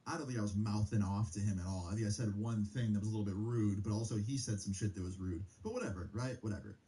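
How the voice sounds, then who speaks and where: A man's voice: lowish voice, fast talker, mellow, rough recording. A young man telling a personal story in a heated, casual way, swearing freely. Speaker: streamer.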